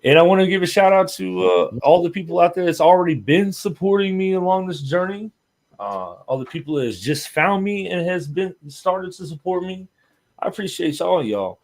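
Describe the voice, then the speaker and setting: A man's voice: high-pitched, animated, normal speed, vocal fry. A man, a guest on a show, telling stories in a casual, profane, rambling way and laughing often. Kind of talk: casual storytelling chat.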